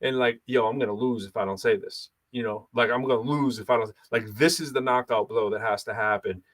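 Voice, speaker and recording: A man in his thirties hosting a casual talk show, animated, laughing often and talking with many fillers. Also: mid-range voice, fairly quick. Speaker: podcast host and battle rapper. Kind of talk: casual chat.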